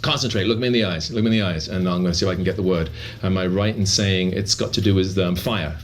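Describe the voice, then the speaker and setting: A man performing a book test as a magician, with brisk, coaxing patter. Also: deep voice, slight background noise.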